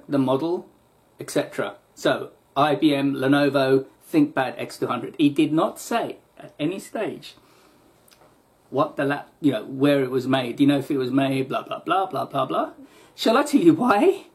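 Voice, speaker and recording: A man telling a long, rambling story to camera in a casual vlog rant, correcting himself often and growing exasperated. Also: fairly high pitch. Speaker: vlogger.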